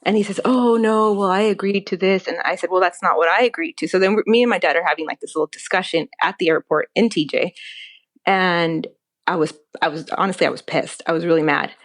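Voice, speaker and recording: Animated woman telling her story. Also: fairly low pitch, a little fast. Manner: animated, acts out quoted dialogue. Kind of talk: emotional personal storytelling.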